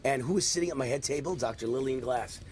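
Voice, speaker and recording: A man in his sixties talks fast at a medium pitch while hosting a live political stream, with slight background noise present. He has a faint New York accent and an animated, rambling manner laced with mocking remarks.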